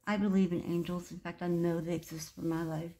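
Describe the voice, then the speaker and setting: A woman's voice: lowish voice, level tone, a little fast, warm tone. A woman in her sixties chatting casually as she shows off a handmade journal, gushing and meandering as she goes. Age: 60s. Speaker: craft vlogger. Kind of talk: casual craft show-and-tell.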